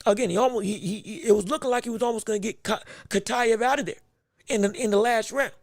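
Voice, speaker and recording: A man's voice: high voice, fast, dry recording, studio quality. A man hosting a podcast, giving live boxing commentary in a rambling, self-correcting way with many stammered restarts. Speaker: podcast host.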